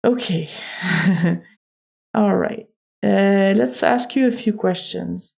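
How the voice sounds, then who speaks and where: A woman's voice: medium pitch, slow, creaky, a little mellow. A woman streamer giving casual, chatty commentary while playing a game, joking and laughing often. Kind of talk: casual let's-play commentary.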